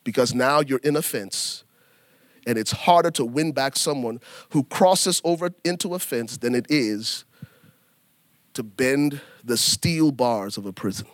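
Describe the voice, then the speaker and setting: A man preaching a sermon in an animated, folksy way, turning to the congregation and acting out little scenes. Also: mid-range voice, measured pace, dry recording. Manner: animated preaching with acted asides; folksy, addresses congregation as y'all. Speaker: pastor.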